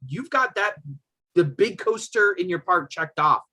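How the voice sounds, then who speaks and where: A man's voice: high voice, animated, a little slow, bright, forceful tone. A man co-hosting a casual podcast chat, talking in an enthusiastic, opinionated way with plenty of fillers like "um" and "like". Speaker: podcast co-host. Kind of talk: casual chat about roller coasters.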